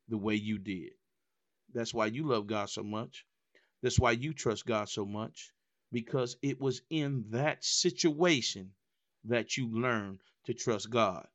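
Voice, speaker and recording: A man preaching a sermon, moving from low asides to high, emphatic calls and repeated refrains. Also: a bit bright, muffled recording. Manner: repetitive call-and-response preaching.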